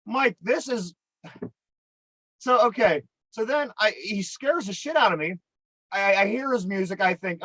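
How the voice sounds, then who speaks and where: A man's voice: high-pitched, animated, a little slow, fairly bright tone, no echo. A man with a Pittsburgh accent co-hosting a podcast, telling a long story in a profane, exasperated, rambling way. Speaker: podcast co-host. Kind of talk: casual storytelling. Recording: dry, dull lo-fi podcast mic.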